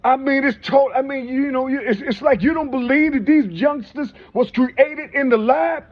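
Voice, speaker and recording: A man with a high-pitched, raspy voice talks in a loose, preachy monologue, circling back to "you see" again and again. He swears freely and piles up rhetorical questions. The recording sounds muffled and lo-fi. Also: moderate pace. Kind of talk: rambling spoken monologue.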